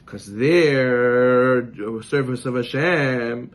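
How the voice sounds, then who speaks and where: A man who is a rabbi giving a sermon, reading Hebrew text and explaining it in English, acting out imagined dialogues with lively swings of voice. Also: extremely slow, rough recording. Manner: acts out imagined dialogues with God and merchants; animated, lively pitch swings.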